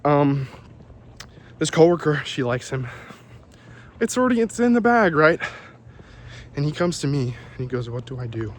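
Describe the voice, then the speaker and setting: A man's voice: a little high, big pitch swings, moderate pace, pauses often. A man rambling through a casual vlog while walking outdoors on a city street, often losing his train of thought. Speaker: vlogger.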